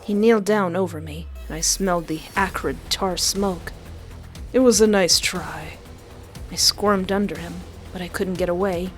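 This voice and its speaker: A woman game streamer reading a visual novel aloud, breaking into excitable, yelling reactions. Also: on the low side.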